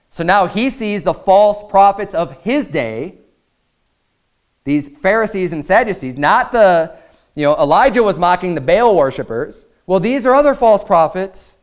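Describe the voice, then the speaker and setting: A man delivering a sermon from a church pulpit, his voice pitched a little high and notably smooth and resonant. He reads scripture in an even, deliberate cadence, then rises into loud, fervent preaching. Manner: fervent preaching that swells into raised, emphatic passages. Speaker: pastor. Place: church sanctuary.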